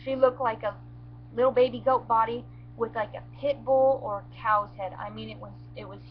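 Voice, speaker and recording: A woman with a slightly high voice, telling her story in a halting, shaken way with many restarts. The sound is muffled, with a faint hum underneath. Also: steady tone. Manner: halting, shaken retelling with restarts and near tears. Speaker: goat owner telling what happened. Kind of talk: emotional first-person storytelling.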